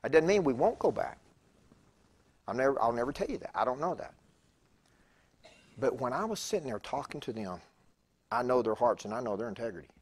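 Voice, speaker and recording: A man's voice: mid-range voice, big pitch swings, brisk, long pauses, slightly rough. A man in his fifties giving a conversational sermon as a guest preacher in a church, chatty and digressive, with stammered restarts. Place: church sanctuary.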